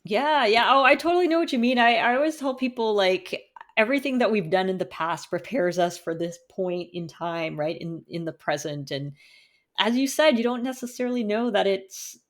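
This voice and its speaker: A woman hosts a podcast and chats casually with her guest, with a voice of ordinary middle pitch. She is enthusiastic and quick to agree, and she talks in a loose, conversational way. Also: expressive. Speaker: podcast host.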